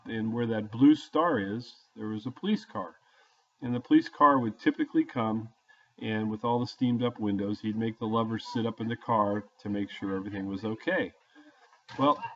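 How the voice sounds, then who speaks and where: An older man with a fairly low voice tells a story in a folksy, plain-spoken manner, with fillers here and there. The sound is dull and lo-fi. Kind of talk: casual storytelling. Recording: dull lo-fi audio.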